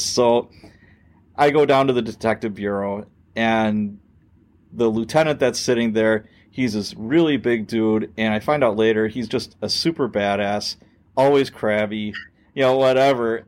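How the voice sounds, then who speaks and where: A middle-aged man tells a story from his days on the police force in a relaxed podcast chat. His voice sits at an ordinary pitch, and he jumps into the quoted voices as he goes, with the odd swear word thrown in. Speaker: podcast host, former police officer.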